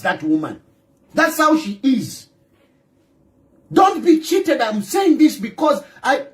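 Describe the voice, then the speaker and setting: A man with a Zambian accent rants about politics in a fierce, animated voice that swings up and down. He drives each point home by repeating himself and throwing rhetorical questions at the listener, and he slips local-language phrases in among the English. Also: very high-pitched. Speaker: political commentator. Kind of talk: ranting monologue.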